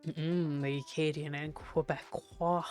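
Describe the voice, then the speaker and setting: Brief: woman art streamer, faint Prince Edward Island accent, low voice, unhurried chatty delivery, soft music behind. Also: little pitch movement. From Prince Edward Island, Canada. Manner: chatty, playful, repeats words to test pronunciation. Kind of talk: casual chat with stream chat.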